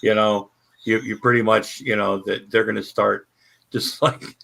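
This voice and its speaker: An older man in a casual chat, talking in an easygoing, halting way with many restarts. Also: fairly low pitch, level tone, creaky, a bit bright. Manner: easygoing, halting, stacks repeated starts.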